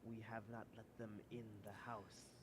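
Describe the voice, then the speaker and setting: A man's voice: fairly low pitch, flat delivery, normal speed, lightly acted. A man voicing a stiff robot servant. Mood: stiff formal.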